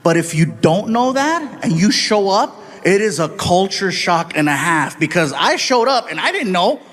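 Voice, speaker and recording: A man performing stand-up comedy, telling stories in an animated way and acting out the people in them. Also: sits high, moderate pace. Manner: animated, acts out voices and shouts. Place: comedy stage before a live audience.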